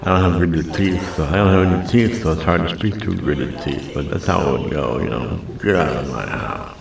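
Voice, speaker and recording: A man's voice: low-pitched, a little fast, creaky, crowd noise. A man hosting a reaction video, chatting casually in a rambling, self-deprecating way that repeats itself. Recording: very echoey room, mic at a distance.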